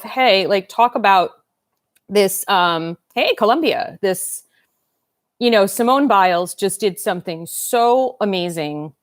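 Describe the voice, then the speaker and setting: Here a doll-collecting livestream host in her 50s chats casually at a medium pitch, wandering from topic to topic while eating and reading comments aloud. The recording is dry, with clean studio sound.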